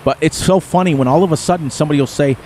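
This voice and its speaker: A middle-aged man talks very fast in a slightly high, darkish voice while chatting to viewers on a live game stream. He rambles in a folksy style and laughs often, and the audio carries a little hiss or hum.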